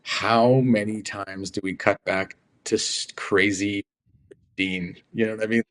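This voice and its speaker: A middle-aged man with a lowish voice spins loose, animated stories as a guest on a podcast. He swears casually and breaks into laughter between lines. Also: a little slow. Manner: animated anecdotes, swears freely, laughs a lot. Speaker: actor guest. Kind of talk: casual interview storytelling.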